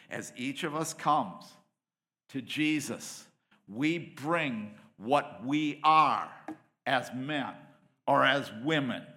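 A middle-aged man delivers a sermon in a bright, forceful voice. He is impassioned, climbing to loud, emphatic peaks and then falling to near-whispered asides. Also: mid-range voice. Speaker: preacher.

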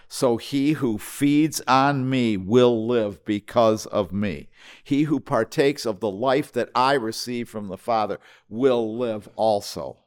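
A man preaches with emphatic force, drawing out key words and then dropping suddenly to a hush. He restarts and repeats phrases as he builds each point. His pitch sits in an ordinary middle range for a man. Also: clean tone. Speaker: pastor. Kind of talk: sermon.

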